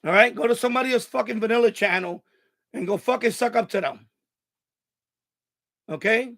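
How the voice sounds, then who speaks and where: A man's voice: very high voice, normal speed, fairly bright tone. A man hosting a live stream, ranting angrily and profanely at a viewer in the chat. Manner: angry, profane, repetitive rant.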